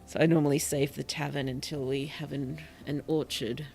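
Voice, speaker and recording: A streamer giving relaxed gameplay commentary in a gentle, whimsical, polite way, with puns and soft whispered asides. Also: medium pitch, normal speed, creaky. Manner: drops into soft whispers at times. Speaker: VTuber streamer and author.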